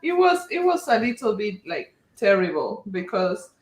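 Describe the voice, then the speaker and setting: A woman's voice: mid-range voice, big pitch swings, moderate pace, roomy sound, poor audio. A woman in casual chat about her daughter's birth who jumps in to add details and laughs often. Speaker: mother telling her daughter's birth story.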